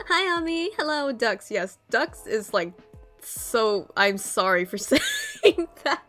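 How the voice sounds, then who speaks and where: Bright, lively young woman gamer. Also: high-pitched, takes it slowly, faint music behind. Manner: playful, giggly, mock-dramatic. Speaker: streamer. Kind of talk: casual gaming stream chat.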